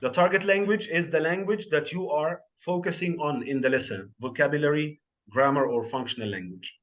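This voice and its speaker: A man's voice: fairly high pitch, fairly quick, fairly bright tone, lo-fi sound. A man running an online teacher-training webinar, explaining terms through questions and examples. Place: video call.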